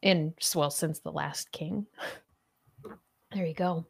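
A woman's voice: deep voice, fairly even intonation, takes it slowly, gravelly, breathy edge. A woman hosting a casual podcast chat and running a playful quiz, laughing often. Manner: giggly, chatty, laughs often. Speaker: podcast host.

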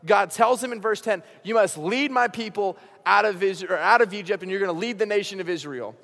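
A young man, a high school pastor, giving a casual youth sermon and acting out the dialogue in his stories. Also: brisk, big-room sound. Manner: casual, animated storytelling with acted-out dialogue.

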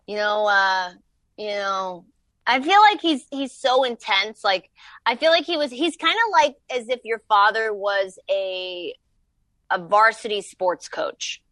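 A woman's voice: medium pitch, animated, slow pace, fairly bright tone, no room sound. A young woman telling stories as a podcast guest, rambling with many fillers. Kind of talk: casual podcast chat.

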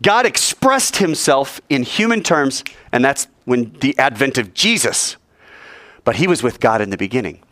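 A man teaching a Bible class, animated and quizzing the class with questions. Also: medium pitch, moderate pace, no room sound.

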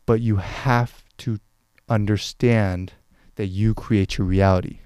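A man's voice: fairly low pitch, steady tone, slow pace, darkish tone, smooth, no room sound. A man hosting a motivational podcast, urging listeners on with intense exhortation and frequent swearing. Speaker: podcast host.

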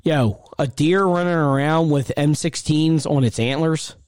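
Man, host, casual gaming chat, rambling storyteller, fairly high pitch, dry sound. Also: unhurried, a little mellow, clean tone, no room sound. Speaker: show host.

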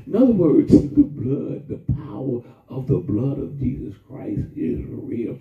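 A man preaching a sermon in a call-and-response style, drawing out his emphasis slowly and then rushing through asides. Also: mid-range voice, huge pitch swings. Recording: distant, echoey, phone-like sound from far off.

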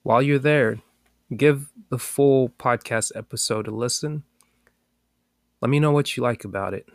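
A man's voice: mid-range voice, moderate pace, no room sound, clean studio sound. A man hosting a podcast, reading a daily motivational passage and repeating its key lines with care. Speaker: podcast host.

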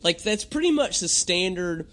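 A young adult man hosting a podcast, talking in a rambling, jokey monologue and often clearing his throat. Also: high-pitched, sing-song, normal speed, sharp tone. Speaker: podcast host. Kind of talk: casual comedic monologue.

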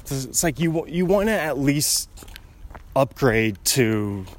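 A man's voice: mid-range voice, expressive, slow. A young man talking casually to himself while walking outside, rambling from thought to thought and chuckling often. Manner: wandering, musing, chuckles often. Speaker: vlogger. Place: outdoors on a residential street, walking.

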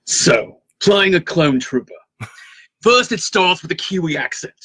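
Man, podcast co-host, slightly high voice, halting casual talk. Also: expressive, sharp tone, husky. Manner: hesitant, with many fillers and repeated words. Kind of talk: casual chat.

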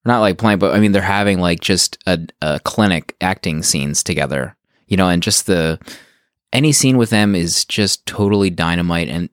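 A man with a low voice co-hosts a podcast, chatting casually in a rambling, enthusiastic way with lots of fillers. The recording is dry and studio quality.

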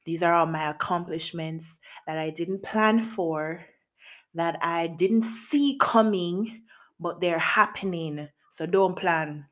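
A woman with a Jamaican accent hosting a podcast, telling a personal story in a lively, casual way with patois, laughing often. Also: lowish voice, slow pace. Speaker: podcast host.

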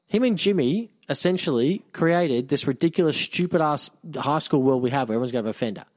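A man's voice: fairly high pitch, lively intonation, brisk, a little mellow, no room sound. A tipsy man co-hosting a podcast in a casual chat, rambling and slurring his words with many fillers. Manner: rambling, slurring after drinks, lots of fillers. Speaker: podcast co-host.

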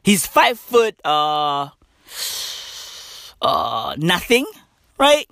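Woman, comedic rant, swearing and slang, lively rising and falling voice, dry close sound. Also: sits low, extremely slow, no room sound. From South Africa. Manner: profane, slangy, repeats "right?" and "bruv".

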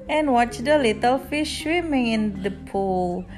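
A woman's voice: a little high, expressive, unhurried, over loud music. A woman voicing a fussy, oblivious female schoolteacher in a storybook, sweet and patronizing. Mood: calm.

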